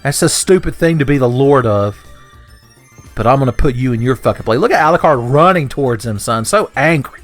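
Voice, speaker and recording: A man's voice: mid-range voice, lively intonation, brisk, soft background music. A man giving casual gameplay commentary, joking, swearing and laughing often. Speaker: let's play commentator.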